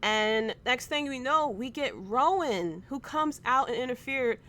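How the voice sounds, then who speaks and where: A woman's voice: sits high, expressive, unhurried, a bit bright. A woman in her thirties hosting a casual podcast, recapping a show in an emotional, rambling way with lots of fillers. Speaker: podcast host. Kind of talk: casual wrestling podcast chat.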